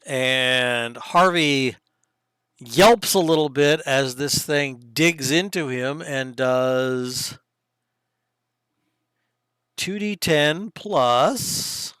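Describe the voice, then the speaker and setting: A young man narrating and running a tabletop game as game master, casual with quick asides. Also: medium pitch, a bit bright, clear, resonant tone, dry recording, studio quality.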